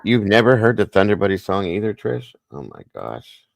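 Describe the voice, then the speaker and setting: A man's voice: lowish voice, sing-song, normal speed, vocal fry, dry recording. A man co-hosting a casual morning livestream, chatty and joking as he greets viewers by name. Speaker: livestream co-host.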